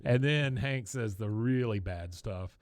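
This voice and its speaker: A man co-hosting a podcast, retelling a cartoon episode in a lively, casual way and often chuckling. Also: lowish voice, measured pace, no room sound, clean studio sound. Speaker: podcast co-host. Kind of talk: casual episode recap chat.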